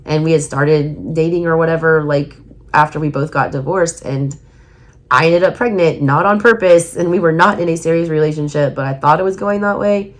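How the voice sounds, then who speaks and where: A woman with a Southern US accent giving a casual tarot reading, emphatic and repeating her points, her voice going hoarse. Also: low-pitched, moderate pace. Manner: emphatic, repeats herself, urging viewers. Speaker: tarot reader.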